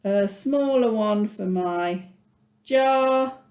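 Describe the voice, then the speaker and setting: A woman's voice: mid-range voice, extremely slow, a little mellow. A woman music teacher guiding children patiently through an online lesson, talking them through her drawing as she goes. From England. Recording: echoey room.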